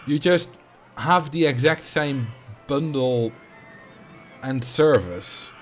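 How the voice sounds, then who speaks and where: A man's voice: medium pitch, takes it slowly, faint music behind. A man with a Dutch accent chatting casually as a streamer while playing a game, rambling and answering viewer questions.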